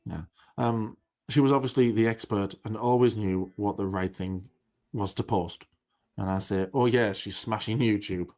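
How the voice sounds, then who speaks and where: A man calmly recounting past events and reading out messages, wry and plain-spoken. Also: lowish voice, moderate pace. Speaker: interviewee in clip.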